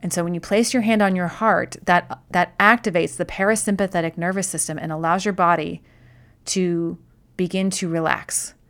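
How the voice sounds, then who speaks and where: A woman's voice: fairly low pitch, fairly even intonation, moderate pace, fairly bright tone. A woman speaking as a wellness host in a casual explanatory talk, conversational, often restarting and repeating words.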